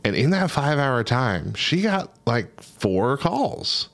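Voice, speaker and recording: A man in his thirties hosting a casual podcast chat, telling stories with lively acted-out quotes. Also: mid-range voice, slow pace, creaky. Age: 30s. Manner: animated storyteller acting out phone calls. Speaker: radio podcast host.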